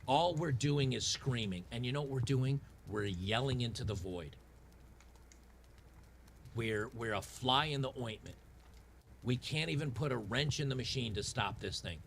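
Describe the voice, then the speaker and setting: A man in his fifties with a drawl and a gravelly edge to his voice. He rants in sarcastic, frustrated bursts, repeating and restarting his words. A faint hiss sits behind him. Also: medium pitch, a bit bright. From Tennessee. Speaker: gaming channel host. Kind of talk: ranting commentary over gameplay.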